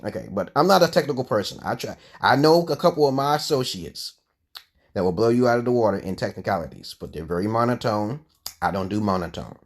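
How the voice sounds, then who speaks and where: A man hosting a livestream, ranting in a profane, rambling way, dropping to low mutters and then rising into loud outbursts. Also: expressive, quick pace. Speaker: livestream host. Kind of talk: profane live-stream rant.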